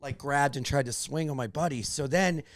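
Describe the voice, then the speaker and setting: A man's voice: mid-range voice, moderate pace, no room sound. A man hosting a podcast, telling a story in casual chat and acting out the voices of the people in it. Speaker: podcast host. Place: podcast studio.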